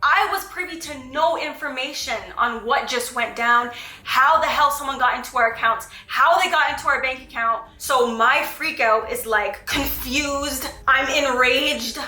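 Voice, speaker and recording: Woman, emotional storytime co-host, high pitched, echoey room with faint music. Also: sharp tone. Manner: emotional, rushed, anxious retelling. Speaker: channel co-host. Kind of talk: dramatic storytime retelling.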